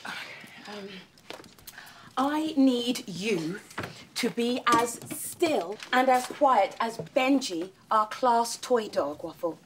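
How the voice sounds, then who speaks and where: A woman playing a primary school teacher, speaking in a gentle, coaxing classroom tone in a children's series. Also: fairly high pitch, lively intonation, extremely slow, noisy background. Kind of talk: children's live-action series.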